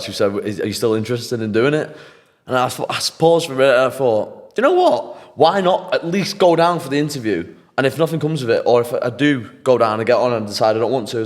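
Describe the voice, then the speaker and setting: A young man from England, a podcast guest, telling a story in an animated, casual, slangy way and swearing freely. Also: fairly low pitch. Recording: long hall reverb.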